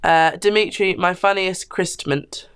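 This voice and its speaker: A woman's voice: lowish voice, steady tone, a little slow, a bit bright, clean tone. A woman co-hosting a casual chat show, reading viewer comments aloud and laughing often.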